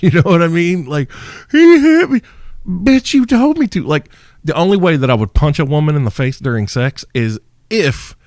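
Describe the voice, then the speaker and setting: A man's voice: lowish voice, dry recording, studio quality. A man hosting a podcast, answering listener questions in a crude, brash, joking monologue. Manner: profane, brash, mock-seductive. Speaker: podcast host.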